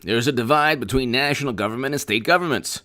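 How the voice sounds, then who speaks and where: Male political commentary host, sarcastic, rambling, stammers and repeats, mid-pitched voice. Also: quick pace, sharp tone.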